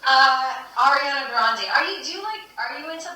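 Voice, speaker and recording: A woman hosting a livestream chat, asking quick questions and laughing often. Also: high voice, animated, pushed and bright. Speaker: host. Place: studio. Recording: echoey room, distant mic.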